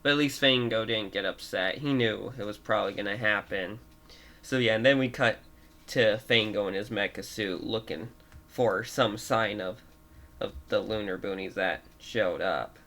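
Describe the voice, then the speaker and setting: A young man retelling a made-up story off the cuff, halting and giggly, with many restarts. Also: lowish voice, sharp tone.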